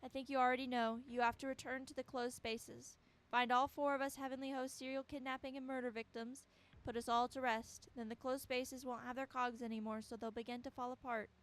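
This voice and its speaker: A mournful child's spirit from a horror game, voiced by a woman. She speaks quietly and gravely, at a slow, measured pace in a slightly raised voice. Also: sits high, flat delivery, natural voice. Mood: somber. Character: sorrowful ghost girl, a murdered child's spirit.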